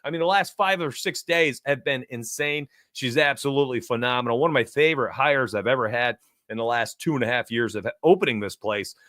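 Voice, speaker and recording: A man's voice: mid-range voice, a little fast, hardly any pauses, no echo, studio quality. Hyped man hosting a betting stream. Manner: excitable, hype-driven, addresses chat directly. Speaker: sports betting show host. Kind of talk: energetic live-stream betting talk.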